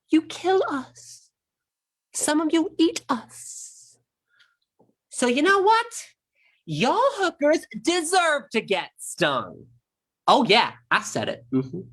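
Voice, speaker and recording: A man's voice: extremely high pitch, a bit bright, heavily acted. A man in a one-man stage monologue streamed online, playing a sassy, vain, profane trapped insect who talks straight to the audience. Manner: sassy, brash, addresses the audience directly.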